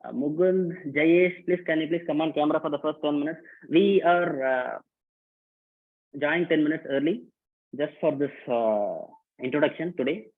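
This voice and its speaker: On a video call with tinny, phone-like audio, a man whose voice is a little high and pace moderate greets participants to a live online workshop. As host he's casual and repetitive, calling out names and instructions.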